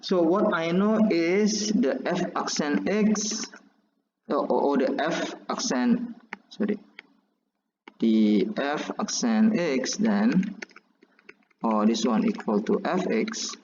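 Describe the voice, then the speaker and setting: A man teaching calculus while drawing graphs, halting and restarting often as he explains. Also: medium pitch, animated, darkish tone, a little hiss or hum. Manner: halting, many restarts and fillers. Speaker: math teacher. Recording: echoey, dull lo-fi recording.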